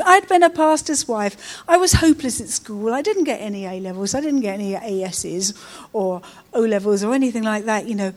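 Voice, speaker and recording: A middle-aged woman giving an informal, chatty sermon, often adding tag questions. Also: on the high side. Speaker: preacher.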